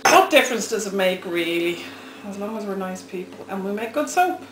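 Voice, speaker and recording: A woman's voice: medium pitch, lively intonation, fairly quick, roomy sound, a little hiss or hum, poor audio. A woman with a Dublin Irish accent hosting a soap-making video, chatting casually and teasing as she cuts soap. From Ireland. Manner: chatty, teasing, self-mocking. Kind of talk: casual chat while cutting soap.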